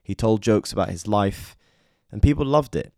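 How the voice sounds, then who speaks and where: A man reading scripted biographical narration in a measured way, speaking straight to the listener. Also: on the low side, lively intonation, creaky, a little mellow, no echo, studio quality. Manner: measured, addresses listener directly. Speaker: documentary narrator.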